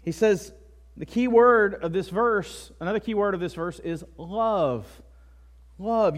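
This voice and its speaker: A man's voice: sits high, measured pace. A male pastor delivering a sermon in a conversational way, with frequent asides and tag questions. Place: church.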